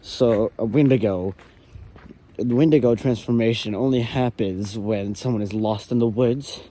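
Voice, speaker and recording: A frightened man vlogging on location, talking in a hushed, jittery voice and often half-whispering. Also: mid-range voice, moderate pace. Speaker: paranormal vlogger. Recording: loud outdoor background noise. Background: loud noise and outdoor ambience.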